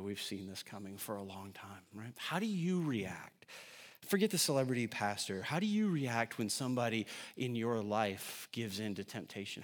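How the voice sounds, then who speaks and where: A man in his thirties preaching a sermon as a pastor, conversational and jokey, tagging his points with quick asides to the congregation. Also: mid-range voice. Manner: animated and conversational, jokey asides, constant "right?" tags. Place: large church hall. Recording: long hall reverb.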